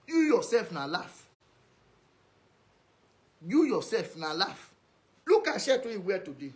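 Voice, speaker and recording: A man with a high-pitched voice and a Nigerian Pidgin accent, ranting straight at someone in a video message. He scolds and insults, hammering the same put-downs again and again. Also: very animated, measured pace, a little mellow. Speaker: social media commentator.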